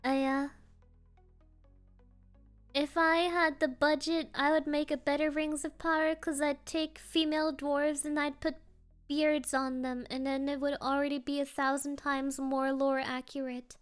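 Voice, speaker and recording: A woman's voice: high voice, level tone, measured pace, soft background music. A woman streamer chatting casually with her viewers, playful and rambling, often laughing.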